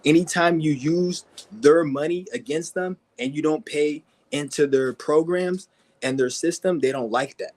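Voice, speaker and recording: A man's voice: unhurried, a little mellow. A man giving a profane, aggressive ranting monologue, mocking and swearing constantly. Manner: mimics people in high whiny voices. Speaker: vlogger.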